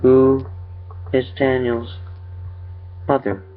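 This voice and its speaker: A man's voice: medium pitch, level tone, voice pushed up. A man doing an eerie creature mimicking a child. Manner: slow, halting, word-by-word questions. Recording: lo-fi dull recording.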